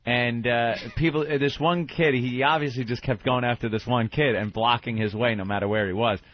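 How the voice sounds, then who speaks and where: Man, radio host, relaxed storyteller, mid-pitched voice, muffled radio sound. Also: a little fast. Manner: laid-back storyteller. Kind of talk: casual radio banter. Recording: dull radio broadcast audio.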